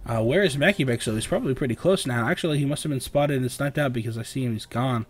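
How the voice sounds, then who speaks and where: A young man with a sore throat, casting a video game match alone in a rambling play-by-play full of fillers, often clearing his throat. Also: mid-range voice, quick pace. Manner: rambling, filler-heavy, lifts and speeds up on big plays. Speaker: esports caster. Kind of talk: solo play-by-play game commentary.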